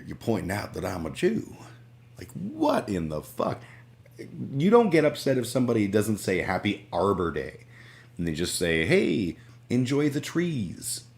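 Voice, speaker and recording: Low-voiced sarcastic streamer man. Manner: profane, sarcastic. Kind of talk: casual ranting reaction stream.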